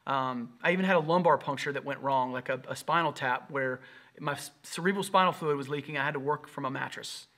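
A man in his thirties, a pastor, telling his own story in an earnest, animated sermon. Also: mid-range voice, a little fast.

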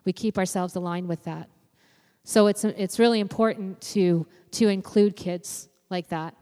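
A woman's voice: mid-range voice, measured pace, mellow. Young woman, youth minister type, casual sermon delivery heavy on fillers; recorded in a church with long echo. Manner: conversational, frequent "you know" fillers. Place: church sanctuary. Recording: long reverb of a church hall.

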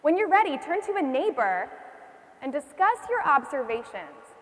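A young woman teaches church history to a live class, her voice sitting high. She draws the room in with questions and repeats their answers back. Her words trail off into a long hall reverb. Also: big pitch swings, moderate pace, a bit bright. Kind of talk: classroom lecture.

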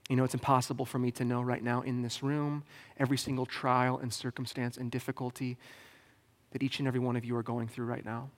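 Joking pastor in a reverberant church. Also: male voice, medium pitch, flat delivery, quick pace. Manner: casual, joking, conversational preaching. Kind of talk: sermon. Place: church sanctuary. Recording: long hall reverb.

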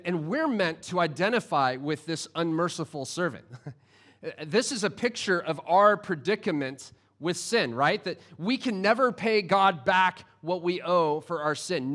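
A man preaching a sermon, retelling a parable in an earnest way with halting restarts. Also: fairly high pitch, fairly bright tone. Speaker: pastor.

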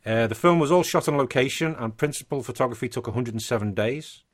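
A man's voice: mid-range voice, quick pace. A man co-hosting a casual podcast, reading notes with chatty asides. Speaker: podcast co-host.

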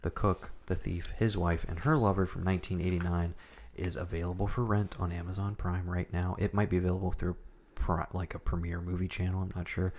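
A man's voice: low-pitched, little pitch movement, brisk, hardly any pauses, darkish tone. A man co-hosting a podcast from his apartment late at night, rambling loosely and laughing often. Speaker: podcast co-host. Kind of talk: casual late-night chat. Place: home apartment.

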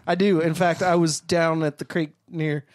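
A man's voice: fairly high pitch, flat delivery, no echo, clean studio sound. A man with a Southern American accent, co-hosting a podcast, telling stories in casual chat and laughing often. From South Carolina, USA. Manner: laughs often, quick joking storytelling. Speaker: podcast co-host.

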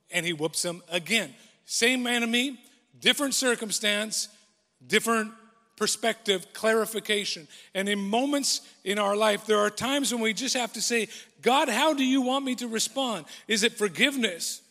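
A man preaching a sermon earnestly, moving between quiet reflection and emphatic, building declarations. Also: high-pitched, moderate pace, long reverb tail. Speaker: pastor.

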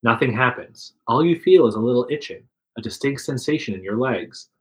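A man's voice: mid-range voice, animated, brisk, low-quality recording. A man reading a second-person adventure story aloud to friends, voicing the quotes with some liveliness. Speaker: narrator reading an interactive story.

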